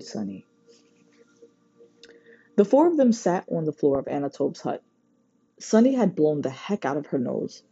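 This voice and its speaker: An audiobook reader giving unhurried storybook narration. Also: medium pitch, dark tone, breathy edge, no echo. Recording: dull lo-fi recording.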